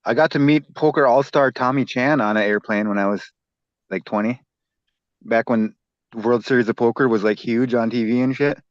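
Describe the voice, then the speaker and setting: Young male co-host, loose profane storyteller, dry low-fi podcast mic. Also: moderate pace, dry recording. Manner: rambling storyteller, swears a lot. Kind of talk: casual chat. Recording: dull dry lo-fi sound.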